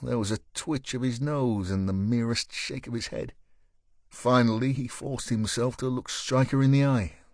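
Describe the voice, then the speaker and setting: A man's voice: mid-range voice, moderate pace, a little mellow, dry recording. Man narrating an audiobook, dry and close. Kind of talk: scripted narration.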